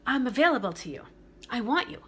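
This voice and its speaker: A woman's voice: fairly high pitch, big pitch swings, a little fast, fairly bright tone, slight background noise. A woman from Brooklyn, giving relationship advice in an emphatic monologue that repeats its key phrases. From Brooklyn, New York.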